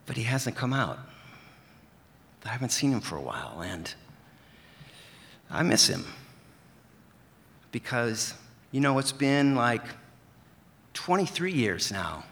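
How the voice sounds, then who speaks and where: A man telling a personal story on stage, earnest and gentle. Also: mid-range voice, sing-song, slow pace, long pauses, big-room sound. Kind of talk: live storytelling.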